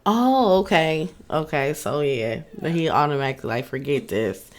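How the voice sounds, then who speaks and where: A woman's voice: deep voice, sing-song, moderate pace. A woman hosting a podcast interview, giving short reactions and asking follow-up questions. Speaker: podcast host. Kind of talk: casual interview. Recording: crowd noise behind.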